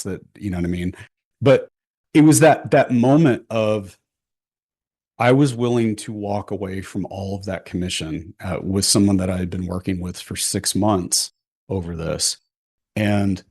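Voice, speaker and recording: A man with a fairly low voice tells candid personal stories as a podcast guest. He talks bluntly and profanely, animated, with a habit of tossing in "right?". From Houston, Texas. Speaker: podcast guest, photographer and realtor. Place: podcast studio.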